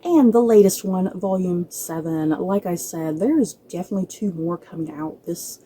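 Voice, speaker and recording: A chatty woman vlogger talks straight to the camera while out of breath, often stumbling over her words and laughing. Her voice is very dark and mellow. A faint hiss of noise sits under it. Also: fairly low pitch, moderate pace, poor audio. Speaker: book vlogger. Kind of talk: casual chat to camera.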